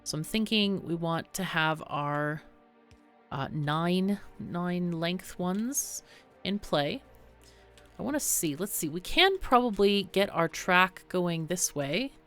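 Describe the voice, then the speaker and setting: Slightly hoarse woman, low-pitched, chatty gameplay commentary host thinking aloud, faint music underneath. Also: lively intonation, slow, fairly bright tone. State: slightly hoarse, losing her voice. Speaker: game tutorial host. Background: faint background music.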